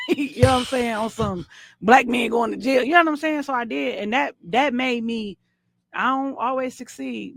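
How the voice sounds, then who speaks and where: A woman co-hosting a podcast, telling animated stories and acting out what people said, often laughing. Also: a little high, creaky, no room sound. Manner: animated, laughing storyteller, acts out quotes. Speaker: podcast co-host. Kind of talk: casual storytelling chat.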